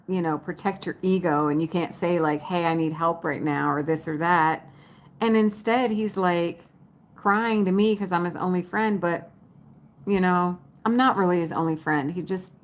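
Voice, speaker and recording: A woman chatting casually to her viewers as a vlogger, folksy and talkative, calling them y'all. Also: on the low side. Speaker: vlogger talking to live viewers. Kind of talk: casual livestream chat.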